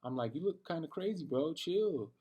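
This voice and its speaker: A young man with a slightly high voice rants through a late-night story. He rambles in an animated way, heavy on slang and profanity, often arguing with himself. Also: moderate pace. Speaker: vlogger. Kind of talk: late-night personal rant.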